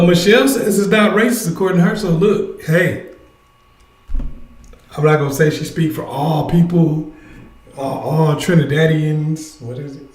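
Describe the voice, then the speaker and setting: A man's voice: a little high, reverberant. A man hosting a casual livestream, energetically urging his viewers to join in. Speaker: livestream host. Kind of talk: casual live chat with viewers.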